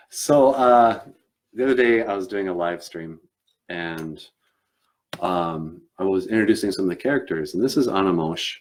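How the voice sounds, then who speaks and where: Man, live-stream host, casual chat, rambling, many fillers and restarts, very deep voice. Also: measured pace, pauses often. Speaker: show host and puppeteer.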